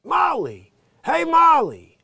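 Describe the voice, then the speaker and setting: A man doing an impression of a loud, big-talking male comedian who shouts his lines. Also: huge pitch swings, vocal fry, no echo, studio quality, full character voice. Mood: shouting. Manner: shouty, booming, drawn-out calls.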